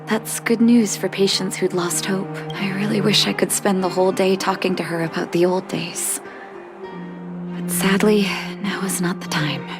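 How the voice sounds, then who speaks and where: A woman voices a caring young woman doctor in a video game. She speaks calmly and earnestly at a middle pitch. Soft game music plays beneath her. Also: natural voice. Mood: reflective. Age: young adult. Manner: calm, measured. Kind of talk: voice acting in a game cutscene.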